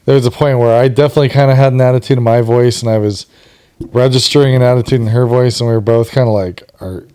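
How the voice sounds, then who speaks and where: A man's voice: mid-range voice, steady tone, fast talker, mellow, clear, resonant tone, dry recording, clean studio sound. A man co-hosting a podcast in casual chat, easygoing and reflective, often agreeing briefly. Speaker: podcast co-host.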